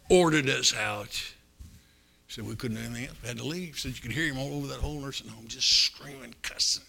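An older man preaching a sermon, telling stories in a folksy, animated way with sudden loud bursts. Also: medium pitch, creaky. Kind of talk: storytelling sermon.

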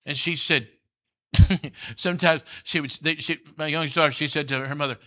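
Joking, bright-voiced middle-aged preacher man. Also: fairly high pitch, fairly even intonation, normal speed. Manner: folksy and joking, peppered with "all right?" and "you know". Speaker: pastor. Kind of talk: sermon.

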